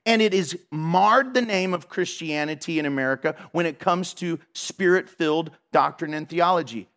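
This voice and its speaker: A man preaching a sermon as a pastor to his church, telling a story with animated delivery and acting out the people in it. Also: high-pitched. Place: church hall.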